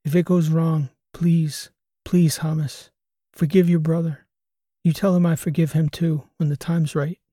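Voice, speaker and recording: A man voicing an aging, grieving father who talks in a gruff, plain-spoken way, in an audiobook reading. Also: a little high, little pitch movement, unhurried, mellow, no room sound, clean studio sound. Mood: pleading.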